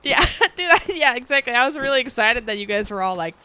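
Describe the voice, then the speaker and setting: A young adult woman streamer talking through a video game, expressive, laughing and yelling at the game. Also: fairly high pitch, fast talker, clear, resonant tone. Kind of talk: gaming commentary. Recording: game music behind the voice.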